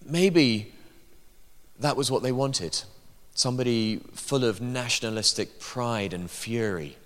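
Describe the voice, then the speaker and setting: A man's voice: mid-range voice, a little slow, fairly bright tone. A man preaching a sermon in a church, emphatic, with dry asides. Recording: long hall reverb.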